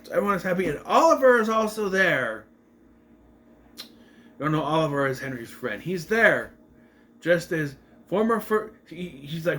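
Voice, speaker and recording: A man's voice: on the high side, sing-song, moderate pace, pauses often, fairly bright tone. A man casually recapping and reviewing a TV episode, rambling and correcting himself as he acts out the scenes.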